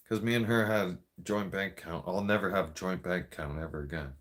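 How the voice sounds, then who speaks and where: A man's voice: low voice, fairly quick, few pauses, fairly bright tone. A man telling a profane, rambling story in a casual rant. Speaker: vlogger.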